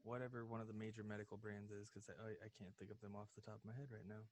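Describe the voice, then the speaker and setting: Young male player, lower voice, deadpan, self-mocking jokes. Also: rapid-fire. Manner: dry, self-mocking humor. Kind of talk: out-of-game table chat.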